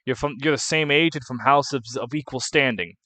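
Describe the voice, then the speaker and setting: Man reads a kindly knight mentor; measured and earnest, dry close mic. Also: medium pitch, sharp tone, no echo, close to an everyday voice. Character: calm, kindly noble male knight mentor.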